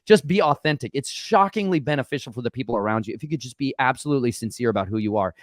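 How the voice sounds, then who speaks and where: Excitable fast-talking man, lively pitch. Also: no room sound, studio quality. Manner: rambling and excitable, slipping into mock voices. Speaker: channel host. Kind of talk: animated personal testimony.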